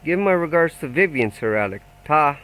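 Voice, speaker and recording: A man performs a crime gang's menacing male debt collector in an audiobook, taunting and threatening with mock friendliness. His voice is on the high side, animated, a bit bright and pushed up, at a moderate pace, and the recording is rough.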